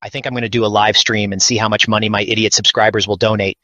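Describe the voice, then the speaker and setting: A man's voice: lowish voice, level tone, quick pace, bright, forceful tone, no room sound. A man voicing a smug, greedy male streamer in a cartoon skit. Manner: smug, whiny. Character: greedy self-important male video streamer. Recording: dull dry lo-fi sound.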